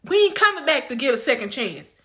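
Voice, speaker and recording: A woman's voice: sits high, sing-song, a little fast, sharp tone. A young adult woman vlogger giving a preachy, emphatic, folksy motivational talk straight to her viewers about self-care. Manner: colloquial, folksy. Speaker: lifestyle vlogger.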